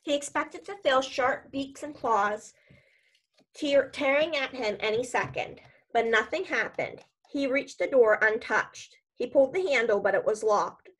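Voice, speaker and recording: A woman reading a children's novel aloud, her voice sitting somewhat high. She narrates in a plain, casual storytelling manner. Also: lively intonation, measured pace, breathy edge, low-quality recording. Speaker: reader.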